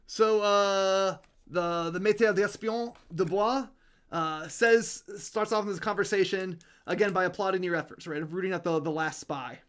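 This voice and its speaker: High-voiced man running a tabletop game. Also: moderate pace, clear, resonant tone. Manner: relaxed, hesitant narration with many fillers. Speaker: game master.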